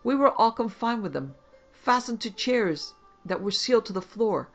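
Storybook role: a man putting on a shrill, indignant seance doctor, protesting hard, with a gravelly edge. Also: moderate pace, fairly bright tone, muffled recording, soft background music. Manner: high-strung, protesting.

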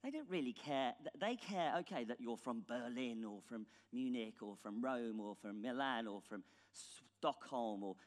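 A man's voice: mid-range voice, expressive, normal speed. Blunt British man in a reverberant hall. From England. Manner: ironic, blunt, casual with swearing. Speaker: conference speaker. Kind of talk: conference keynote talk. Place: large conference hall stage.

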